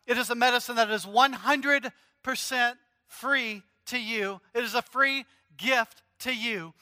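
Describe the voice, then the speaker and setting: A male pastor preaching with earnest, emphatic repetition. His voice sits very high for a man and rings bright and forceful. The sound carries a long reverb tail, like a large hall. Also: measured pace. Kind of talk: sermon.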